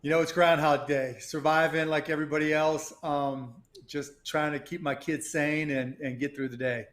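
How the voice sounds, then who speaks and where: A man's voice: fairly high pitch, fairly even intonation, moderate pace, a bit bright. A middle-aged man chats casually as a talk show guest. His manner is laid-back and friendly. The sound has a noticeable roomy echo.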